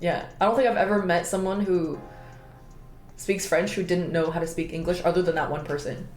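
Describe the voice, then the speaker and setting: A young adult woman streamer in casual chat, telling stories animatedly with big jumps in pitch, swearing often and laughing. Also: steady tone, fairly quick, a little mellow. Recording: roomy echo with faint background music.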